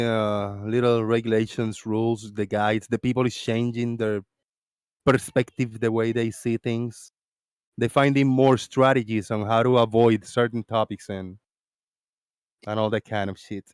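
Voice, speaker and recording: A man hosting a casual voice-chat stream, talking loudly and laughing often, with plenty of swearing, close to his desk microphone. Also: medium pitch, clean tone, dry recording. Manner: loud, laughing, profane. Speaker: stream host.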